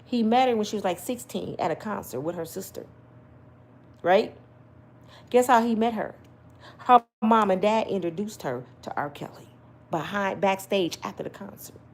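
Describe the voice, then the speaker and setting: A woman's voice: medium pitch, normal speed. A woman giving an emphatic, slangy opinion rant to her viewers, full of rhetorical questions. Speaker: commentary vlogger.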